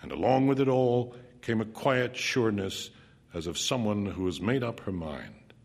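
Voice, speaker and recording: Narrating in the first person at a moderate pace, a man with a lowish, creaky voice builds intense drama, his voice falling now and then to a hushed near-whisper.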